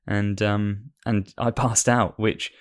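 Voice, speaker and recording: A man's voice: lowish voice, little pitch movement, slow pace. A married man in his thirties co-hosting a podcast, self-deprecating and hesitant with lots of fillers. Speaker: podcast co-host. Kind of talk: casual chat.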